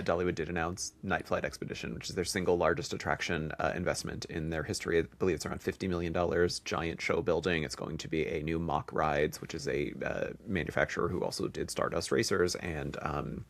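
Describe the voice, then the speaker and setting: A man co-hosting a casual podcast chat, talking in a rambling way with many restarts and fillers. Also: low-pitched. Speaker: podcast co-host.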